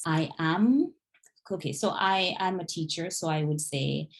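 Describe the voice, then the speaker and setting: A woman tutoring online, modelling pronunciation slowly and patiently in a one-on-one lesson. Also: fairly low pitch. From Jamaica.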